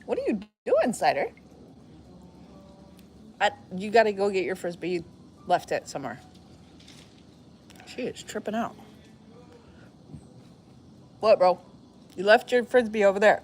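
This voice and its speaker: A woman's voice: mid-range voice, unhurried, long pauses, slight background noise. A woman chatting casually to her viewers in a vlog, breaking off to talk to a dog playing fetch outdoors. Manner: chatty, talks to a dog between asides. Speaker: vlogger.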